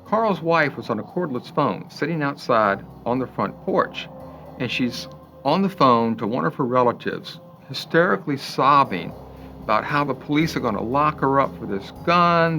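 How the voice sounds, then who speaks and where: A man's voice: mid-range voice, pushed and bright. A man who worked as a police investigator, recounting the case in a conversational interview and acting out what people said. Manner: conversational, retelling with quoted voices and small laughs. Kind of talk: interview recollection.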